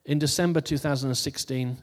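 A man's voice: mid-range voice, fairly even intonation, brisk, darkish tone, big-room sound. A man giving a casual New Year sermon who reads out funny posts and laughs at his own jokes before turning to scripture. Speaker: preacher.

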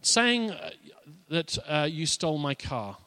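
A man's voice: a little high, wildly swooping pitch, takes it slowly, pushed and bright, clean tone, no room sound. A man preaching a sermon as a pastor, in a conversational, playful way with asides.

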